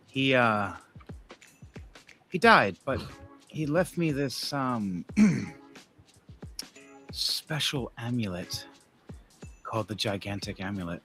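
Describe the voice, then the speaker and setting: A man voicing a flirtatious, teasing snake-haired woman who talks low and hushed, with faint music behind.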